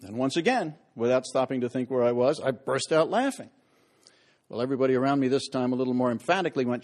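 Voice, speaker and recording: The lecturing historian talks fast in a medium-pitched voice, trading in self-deprecating anecdotes. When he quotes people in his stories, he acts them out loudly.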